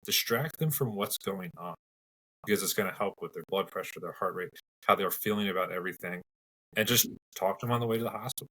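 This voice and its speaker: Male host, low-pitched, easygoing field-story teller for a medical podcast. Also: fast, a bit bright, slightly rough, rough recording. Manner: storytelling, conversational, practical. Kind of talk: casual podcast discussion.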